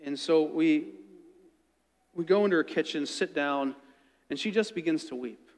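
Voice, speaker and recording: A man telling a story in an earnest, conversational sermon, dropping quiet when he quotes others. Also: a little high, moderate pace, long pauses, in a large hall.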